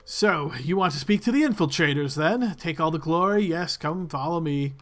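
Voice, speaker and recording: Sneering male dungeon jailer, loud, haughty, short-tempered, man voicing. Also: a little high, moderate pace, natural voice. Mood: irritated.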